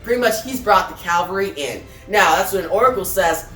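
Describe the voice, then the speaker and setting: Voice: medium pitch, fairly quick, a bit bright. A reviewer casually retelling a comic book issue, adding fillers like "right?" and "guys". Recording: echoey room, far from mic, faint music.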